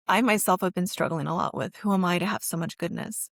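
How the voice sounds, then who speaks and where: A woman's voice: on the low side, fast, creaky, hardly any pauses, no room sound, studio quality. A woman therapist hosting her own self-help podcast. She talks directly to the listener in an earnest, encouraging, emotionally open way.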